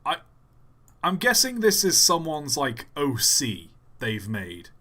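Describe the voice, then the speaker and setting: A man's voice: fairly high pitch, wildly swooping pitch, takes it slowly, bright, forceful tone. A man streaming a game live, rambling and getting sidetracked as he reacts. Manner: rambling, easily sidetracked, laughs often. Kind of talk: casual live stream commentary.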